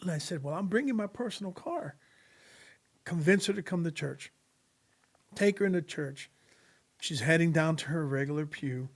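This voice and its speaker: A man with a fairly high speaking voice tells a personal faith story in an earnest, preacherly way. He slips into the voices of the people he quotes and leans into the lessons he draws. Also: animated, normal speed, long pauses. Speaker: podcast guest sharing testimony. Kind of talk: storytelling testimony in casual conversation.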